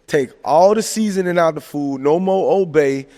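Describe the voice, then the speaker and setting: Dude riffing on ball, fast and jokey, slightly high voice, echoey hall sound. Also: male voice. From American South. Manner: animated, joking, lots of "man" and "hey, look". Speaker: podcast host. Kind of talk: casual sports chat. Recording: long hall reverb.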